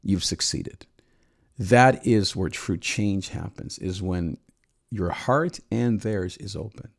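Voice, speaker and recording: Man, 40s, low voice, earnest reflective parenting talk, gentle pauses. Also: creaky. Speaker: parenting channel host.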